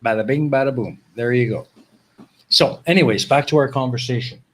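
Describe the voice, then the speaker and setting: A man hosting a live stream, talking to his audience and guest in a relaxed, chatty way. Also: mid-range voice, a little fast. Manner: relaxed and chatty, laughs along. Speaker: host. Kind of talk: casual live-stream chat.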